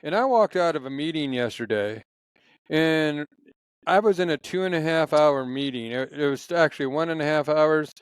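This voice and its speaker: Animated, rambling man with a smooth voice. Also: a little high, normal speed, dry recording, low-quality recording. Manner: rambling, animated storyteller with many restarts; passionate. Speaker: podcast guest. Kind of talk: casual conversation.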